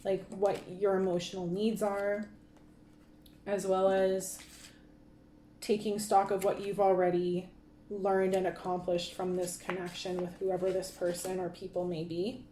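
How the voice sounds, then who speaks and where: A woman's voice: medium pitch, little pitch movement, measured pace, warm tone, roomy sound, a little hiss or hum. A woman giving a casual tarot card reading, talking in a rambling way with many fillers and restarts. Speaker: tarot reader.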